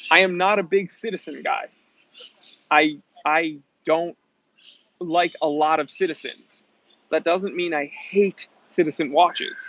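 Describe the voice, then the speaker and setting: A man's voice: on the high side, a bit bright, slight background noise. A man hosting a casual live-stream Q&A, reading chat comments and answering in a chatty, emphatic way. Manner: chatty, emphatic, quick to clarify himself. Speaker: watch channel host reading live chat. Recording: dull lo-fi sound.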